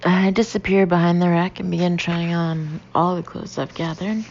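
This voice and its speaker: Female audiobook narrator, low gravelly voice, lively reads, dull lo-fi sound with faint hiss. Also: moderate pace. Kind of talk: first-person audiobook narration.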